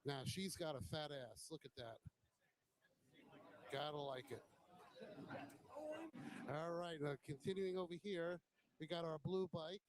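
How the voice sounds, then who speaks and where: Roughly recorded, this man's slightly high voice moves at a measured pace and pauses often. He's a motovlog host touring a bike show with a handheld camera, admiring each bike casually and occasionally swearing bluntly.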